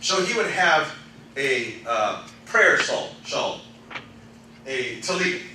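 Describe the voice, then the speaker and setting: High-voiced animated preacher in echoey hall. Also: male voice, takes it slowly, background noise. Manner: animated, laughing often, swings between loud exclaims and quiet storytelling. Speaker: pastor. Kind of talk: sermon. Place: church sanctuary. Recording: echoey church hall, mic from far off, congregation responding. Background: congregation calling out responses.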